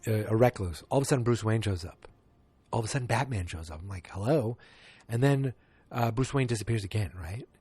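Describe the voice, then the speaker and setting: Low-voiced man, casual rambling podcast host. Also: darkish tone, slightly rough, no room sound. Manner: rambling, loose, full of fillers and restarts. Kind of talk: casual movie review podcast.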